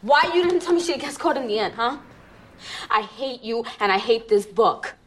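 A woman's voice: on the high side, animated, moderate pace, natural voice. An actress playing a defiant teenage girl student who confronts her teacher in a film scene, with a confrontational delivery. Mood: angry. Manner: confrontational, accusing.

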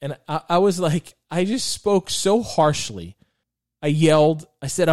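A man's voice: fairly high pitch, lively intonation, unhurried, a little mellow, no room sound, clean studio sound. A man hosting a podcast, sharing personal stories and reflecting on faith in an earnest, heartfelt way with frequent restarts. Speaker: podcast host.

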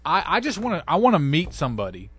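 A man in his thirties co-hosting a sports radio show in the studio, telling stories in a casual, animated way and acting out quotes. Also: a little high, fast talker, slightly rough, no room sound. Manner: animated storyteller, acts out quotes.

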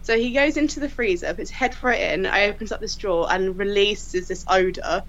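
A woman, a crime scene investigator, telling funny work stories in a casual, animated way and often laughing. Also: mid-range voice, a little fast, slight background noise. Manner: animated, laughing storyteller who acts out quotes. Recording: slightly dull lo-fi audio.

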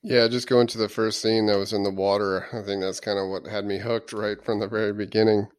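A man's voice: lowish voice, flat delivery, fairly quick. A man co-hosting a casual discussion, thoughtful and hesitant, with frequent ums. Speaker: podcast co-host.

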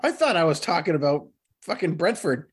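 Husky man swearing through lively banter. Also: a little high, fairly quick. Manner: profane, teasing banter. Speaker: podcast co-host. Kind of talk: casual chat.

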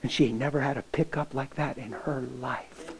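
A pastor preaching a sermon with stories, impassioned and folksy, swinging from loud to hushed. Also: male voice, mid-range voice, moderate pace, crowd noise, rough recording. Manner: folksy, plain-spoken. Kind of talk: sermon with storytelling.

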